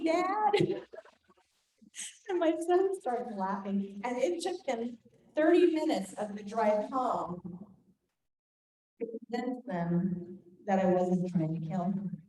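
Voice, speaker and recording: An older woman teaching a group, telling a family story in an animated way and acting out voices. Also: mid-range voice. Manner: animated, acts out quoted voices. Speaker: Bible study teacher. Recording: echoey room, faint noise.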